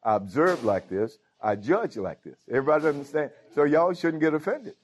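A man's voice: on the high side, expressive, a little fast, a little hiss or hum. A pastor preaching a sermon. He talks informally and keeps calling out to his congregation. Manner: informal preaching with frequent call-outs to the congregation. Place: church.

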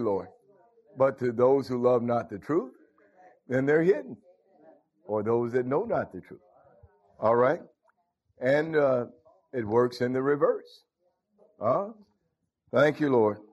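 A man's voice: medium pitch, darkish tone, slightly rough. An older man, preaching a folksy sermon full of call-and-response asides. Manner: call-and-response, frequent "huh?" and "thank you, Lord". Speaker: pastor. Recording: dull lo-fi recording.

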